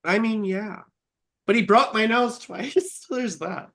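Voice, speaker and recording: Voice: mid-range voice, measured pace, fairly bright tone. A teasing astrologer co-hosting a live stream in casual chat. The speech is loose and profane, with a fondness for calling people sweetheart. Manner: teasing, swears freely, calls people sweetheart. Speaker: astrologer co-host.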